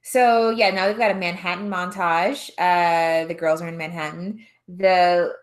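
A woman's voice: fairly low pitch, fairly even intonation, a little slow. A young woman co-hosting a podcast, recapping a film plot in rambling casual chat, full of "um" and "like" fillers. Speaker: podcast co-host.

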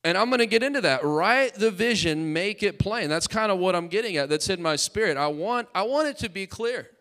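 A man's voice: sits high, expressive, a little fast, fairly bright tone. A male pastor preaching a fervent, emphatic sermon in church, calling out to his congregation.

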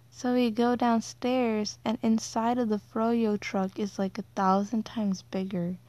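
A woman's voice: mid-range voice, warm tone, dry recording. A young woman casually retelling a dream in a rambling way, with many filler words as she goes. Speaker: vlogger. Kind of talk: casual storytelling. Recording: dull lo-fi sound.

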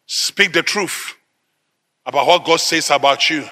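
A middle-aged man from Africa, preaching a sermon in emphatic, repeated declarations that burst into loud peaks. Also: sits high, expressive, normal speed, big-room sound.

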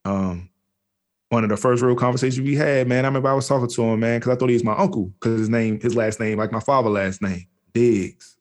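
Speaking fast in a steady, slightly mellow mid-range voice, this D.C.-area man shares candid personal stories as an interview guest. He uses plenty of slang and keeps restarting.

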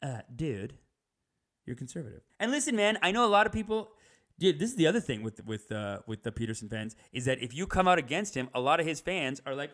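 A young man riffing in a comedic rant, animated, slipping into higher mocking impressions. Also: a little fast.

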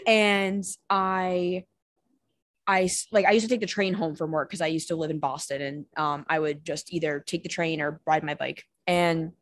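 A candid, chatty woman with a lowish voice, talking through a personal story as a podcast guest. She swears freely and leans on "like" as she goes. The recording is close and dry, with no room around her. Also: steady tone, normal speed, dry recording. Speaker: podcast guest, empowerment coach. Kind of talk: casual conversational storytelling.

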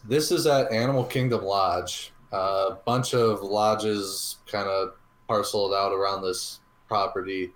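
Laid-back man with a low voice in an echoey room. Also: steady tone, measured pace, fairly bright tone. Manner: rambling, easygoing, many ums. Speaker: podcast co-host. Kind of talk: casual chat reviewing a restaurant. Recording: roomy echo.

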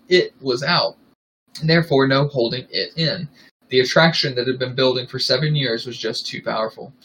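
A man in a mid-range voice reads a story aloud with dry, deadpan narration. His delivery is even and unhurried, as a podcast co-host. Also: mid-range voice, slight background noise, poor audio. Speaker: co-host reading fan fiction aloud. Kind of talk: comedic dramatic reading.

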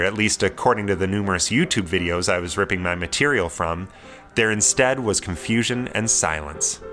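A young man narrating a personal story in a wry, measured way. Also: on the low side, pushed and bright. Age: young adult.

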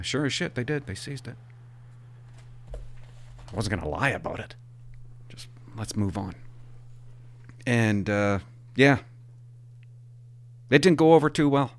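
A man's voice: on the low side, no room sound. A man hosting a podcast, telling rambling stories and acting out other people's lines. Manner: animated, rambling, acts out quotes with voices and whispers. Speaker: podcast host. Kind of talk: casual storytelling.

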